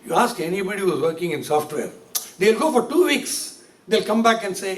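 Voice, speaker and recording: A man's voice: high voice, expressive, a little fast. An older man with an Indian English accent, telling funny anecdotes in a humorous lecture, recorded from far off in an echoey hall. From Tamil Nadu, India. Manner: anecdotal, punchline-driven storytelling. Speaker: humorist speaker.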